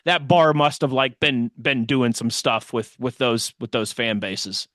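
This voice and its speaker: A man co-hosting a casual sports podcast, telling lively stories and mimicking the people in them. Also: mid-range voice, measured pace, no echo, clean studio sound. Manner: animated storyteller, mimics others' voices. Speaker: podcast co-host.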